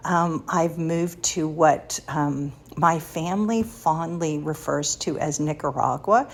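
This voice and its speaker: A woman's voice: low-pitched, slow, gravelly. A woman in her sixties hosting a faith podcast, sharing personal stories in a confiding way and laughing lightly between thoughts. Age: 60s. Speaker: podcast host.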